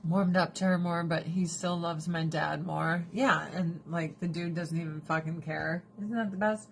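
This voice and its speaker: A woman hosting a casual livestream, talking in a lowish voice with blunt, profane candor and frequent laughter. A faint hiss of noise sits under her speech. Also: fairly even intonation, moderate pace, creaky. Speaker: livestream host.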